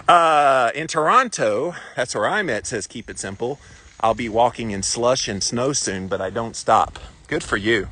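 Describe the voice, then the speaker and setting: A man in his forties from South Carolina, with a Southern US accent, chats casually while walking a hilly trail, answering live viewer comments as a vlogger. His medium-pitched voice is expressive with a sharp tone, at a normal speed.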